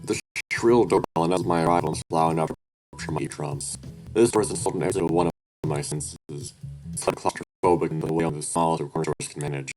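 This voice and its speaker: Deep-voiced man narrating a tabletop game. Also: fast talker, darkish tone, poor audio. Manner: wry, descriptive, swears casually. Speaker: player narrating his character. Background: clear background music.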